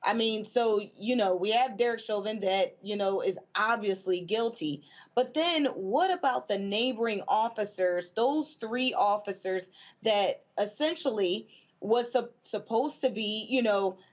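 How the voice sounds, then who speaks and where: A woman guest on a news talk panel who speaks haltingly with many fillers and restarts, with feeling. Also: medium pitch, highs cut off. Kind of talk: news talk show discussion.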